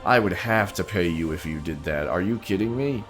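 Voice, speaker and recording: A man with a very low, deep voice chats playfully on a live stream. He hams up his role as a king and talks directly to his viewers, with faint music underneath. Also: expressive, normal speed. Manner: playful and theatrical, talks straight to his chat. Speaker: streamer playing a king persona. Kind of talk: casual live-stream chat.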